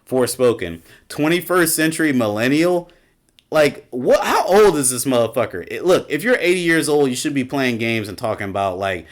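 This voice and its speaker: A man doing a casual reaction commentary as a gaming YouTuber, ranting and swearing in an exasperated way. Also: medium pitch.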